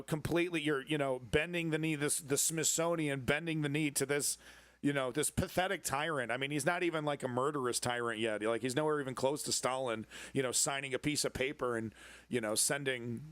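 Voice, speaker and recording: A man hosts a loose live news stream, riffing sarcastically and cursing as he goes. His voice sits at an ordinary middle pitch. The sound is dry, with no room echo. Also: a bit bright. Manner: rambling, sarcastic, swears freely, greets chat viewers. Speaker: live news commentary host. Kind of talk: casual live-stream political commentary.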